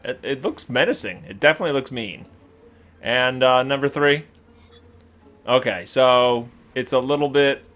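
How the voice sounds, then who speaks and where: Animated male gaming host, very lively pitch. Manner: animated, exclaiming, laughing reactions. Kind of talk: casual game commentary.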